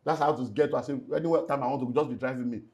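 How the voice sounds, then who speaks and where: A middle-aged man with a Nigerian accent talks through a painful personal story in an interview. His voice sits at an ordinary pitch. He is earnest and animated and slides into Pidgin phrases. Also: very fast. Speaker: pastor and relationship speaker.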